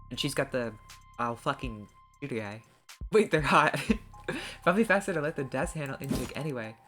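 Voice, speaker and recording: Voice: medium pitch, a bit bright. Laughing, swearing game streamer. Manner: laughing, swearing, off-the-cuff reactions. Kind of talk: casual gameplay commentary.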